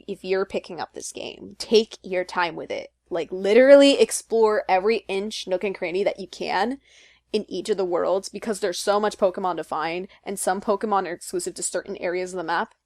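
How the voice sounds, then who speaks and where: A woman's voice: medium pitch, moderate pace, no echo, clean studio sound. A woman co-hosting a podcast, chatting casually and upbeat with lots of fillers. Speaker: podcast co-host. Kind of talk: casual chat.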